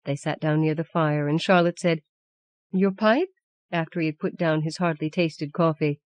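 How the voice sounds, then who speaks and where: A woman reading a literary story aloud as an audiobook narrator, measured and even. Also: low voice, dry recording. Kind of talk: scripted narration.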